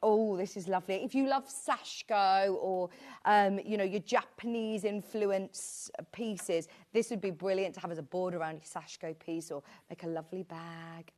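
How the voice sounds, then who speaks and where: A woman's voice: mid-range voice, fairly even intonation, moderate pace, darkish tone. A British woman presenting a live shopping show, chatting in a rambling, friendly way with asides. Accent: British English. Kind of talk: live sales chat.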